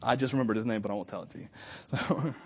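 A man preaching a storytelling sermon, animated, with frequent chuckles and stammered restarts. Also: mid-range voice, rapid-fire, noisy background. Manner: chuckles often while talking.

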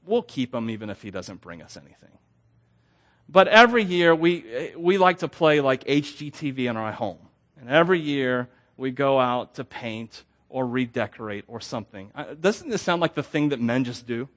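A young man preaching a sermon, telling stories in an animated, self-deprecating way with frequent laughs. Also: mid-range voice, normal speed. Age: young adult. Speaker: pastor.

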